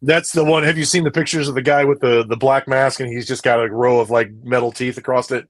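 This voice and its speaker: Chatting casually as a podcast co-host, this man rambles and says the same things over and over. His pitch is medium, his intonation fairly even, and his pace fairly quick.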